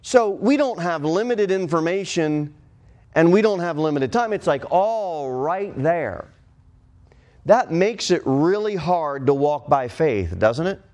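A man preaching a sermon as pastor, with emphatic swings in pitch and pace. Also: animated, slow pace, darkish tone.

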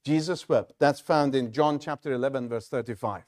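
A male pastor preaching a sermon in a measured, halting delivery with frequent restarts. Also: mid-range voice, a little mellow.

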